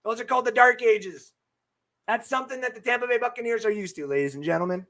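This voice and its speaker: A man's voice: extremely high pitch, fast, pushed and bright. A man hosting a live-streamed football talk show, brash and hyped, swearing freely and answering viewer comments from his webcam setup. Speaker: sports podcast host.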